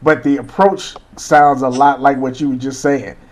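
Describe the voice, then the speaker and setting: A man's voice: medium pitch, fairly even intonation, normal speed, darkish tone. A man hosting a casual chat, laid-back, asking questions and laughing easily.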